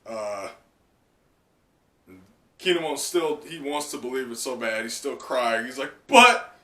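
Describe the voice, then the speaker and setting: A man giving casual live reaction commentary, chatty and excitable, leaning on "like" as he talks. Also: mid-range voice, measured pace. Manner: excitable, chatty, heavy use of "like". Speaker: manga reaction channel host. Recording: roomy sound from a distant mic.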